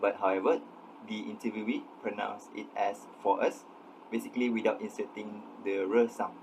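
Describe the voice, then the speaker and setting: A young man with a fairly low voice gives a student presentation from a script. He walks through each example methodically and evenly. A faint hum sits underneath his voice. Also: fairly even intonation, fairly quick, a little mellow, rough recording. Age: young adult. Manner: methodical, explains examples step by step. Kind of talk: reading a scripted class presentation.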